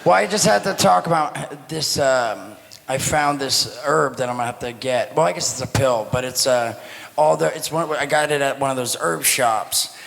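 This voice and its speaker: Male co-host, rambling, giggly, gravelly timbre, live hall echo. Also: medium pitch, normal speed, a bit bright. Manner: giggly, rambling, laughs often. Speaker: podcast co-host. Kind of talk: casual chat.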